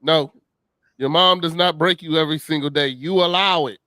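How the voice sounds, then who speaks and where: A man's voice: a little high, moderate pace, bright, forceful tone, no room sound, clean studio sound. A man on a podcast bluntly pushing back on a friend's complaint. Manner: blunt, dismissive. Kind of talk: casual podcast chat.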